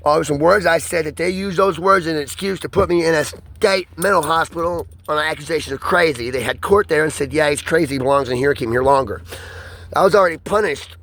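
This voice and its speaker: A man in a rambling, profane solo monologue, his pitch swinging between high and low. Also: fairly bright tone. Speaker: vlogger.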